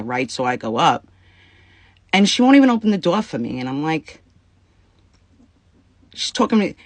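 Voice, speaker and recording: A woman's voice: deep voice, very animated, moderate pace, long pauses, no room sound. A woman venting to her viewers about a personal dispute, upset and near tears, swearing freely and talking in bursts. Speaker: vlogger. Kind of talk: casual venting to camera.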